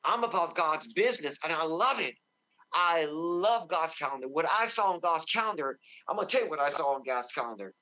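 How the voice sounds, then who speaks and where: A man preaching fervently as a guest minister, shouting bursts of praise and slowing to a deep, solemn tone when he quotes God. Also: animated. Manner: slows and deepens when quoting God. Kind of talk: excited preaching in a talk show interview.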